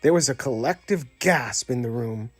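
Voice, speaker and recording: A man's voice: medium pitch, moderate pace, no room sound, faint music behind. A man reading a children's story aloud as narrator, telling it expressively. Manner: expressive storyteller voicing every character. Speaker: audiobook narrator. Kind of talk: scripted read-aloud narration.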